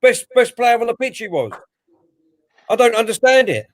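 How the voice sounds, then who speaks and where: A man chatting football on a computer video call, agreeable and casual, with the odd swear word. His voice is high for a man, and the sound is dry with no room echo. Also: very animated, moderate pace. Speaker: fan pundit. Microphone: computer mic on video call.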